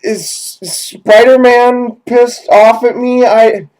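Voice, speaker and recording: A man voicing a panicked, disoriented victim who babbles in a high, frantic voice in a comedy sketch, recorded on a cheap webcam. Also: fairly even intonation, drawn-out words, a little mellow, full character voice, rough recording. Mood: frantic, bewildered.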